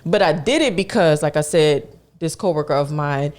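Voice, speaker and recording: A man's voice: fairly high pitch, moderate pace. Young guy podcast host, chatty and colloquial, acts out everybody in his story. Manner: animated, acts out the people in his stories. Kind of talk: casual storytelling chat.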